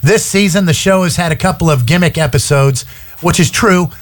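A man's voice: fairly high pitch, brisk. A man hosting a small-town radio show, chatting in a rambling, casual way full of fillers.

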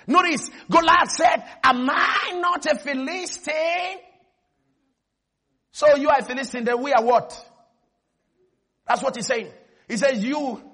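A man preaching a sermon, telling a story with lively energy and often shouting. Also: very high-pitched.

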